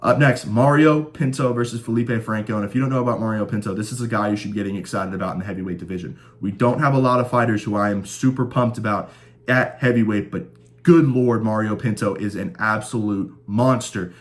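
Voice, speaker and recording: A man's voice: lowish voice, fairly even intonation, fairly quick. A man hosting a casual fight-predictions show, talking enthusiastically and rattling off stats as he makes his picks. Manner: chatty, stat-heavy, enthusiastic. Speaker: host of a fight-predictions channel.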